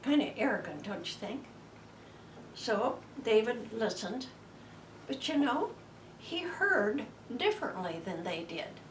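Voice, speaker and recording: A woman gives a folksy Bible lesson, slow and unhurried, now and then sinking to a hush. Her voice sits a little high. The sound is distant and roomy, with a faint hiss behind it. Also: sing-song. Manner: homey and chatty, dropping to hushed tones. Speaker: Bible teacher.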